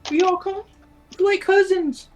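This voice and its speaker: A woman at a tabletop game with a very high voice. She jokes around and talks over the others in casual chat. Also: fairly even intonation, unhurried, a little mellow, faint music behind. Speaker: player.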